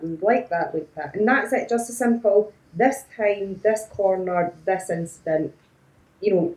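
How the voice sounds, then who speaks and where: A woman's voice: medium pitch, roomy sound, low-quality recording. A woman in a casual panel discussion, speaking emphatically. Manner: emphatic, animated when making a point.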